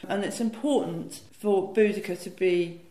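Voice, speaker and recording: A woman's voice: mid-range voice, normal speed, warm tone, roomy sound. A woman talking as a guest historian, explaining fluently and enthusiastically with frequent "you know" fillers. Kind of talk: conversational academic explanation.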